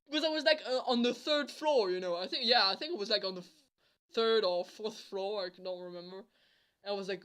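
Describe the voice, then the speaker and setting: A woman vlogger in casual storytime mode, with a bright and sharp tone. She rambles, restarts often and drops a swear now and then. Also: on the high side, animated, a little fast. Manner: rambling, full of fillers and swearing.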